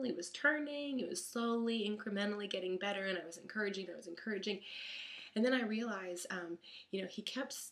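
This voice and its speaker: A mother telling a story about her son in a chatty, animated way, acting out the lines of the people in it. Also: mid-range voice, vocal fry. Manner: chatty, animated retelling with quoted dialogue. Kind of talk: casual storytelling monologue.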